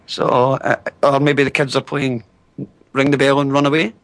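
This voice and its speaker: A man's voice: mid-range voice, flat delivery, normal speed, a bit bright, no room sound. A Scottish man on a casual podcast chat, telling long rambling anecdotes with restarts. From Scotland.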